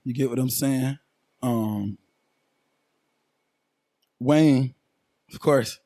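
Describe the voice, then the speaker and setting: This man in his twenties is a guest musician on a podcast, chatting casually and at length, storytelling in a laid-back, slang-heavy way and checking in often with "you feel me." His voice is medium-pitched, mellow and drawn-out, captured as clean studio sound with no echo.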